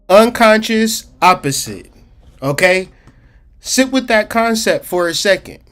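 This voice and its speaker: A man's voice: high voice, lively intonation, unhurried, a bit bright. Casual man teaching, repeating key phrases. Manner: repetitive, colloquial, drawls key phrases. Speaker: spiritual teacher.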